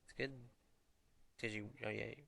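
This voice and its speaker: A young man streaming a fantasy football update in casual chat, talking low and half-whispered in a hallway indoors. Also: fairly even intonation, a little slow, vocal fry, pushed and bright. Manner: low, half-whispered talk, chatting with viewers.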